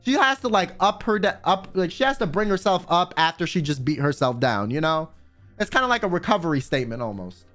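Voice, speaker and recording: A man's voice: high voice, very animated, brisk, a bit bright, faint music behind. A young man streamer giving casual, profane commentary, wandering into rambling asides.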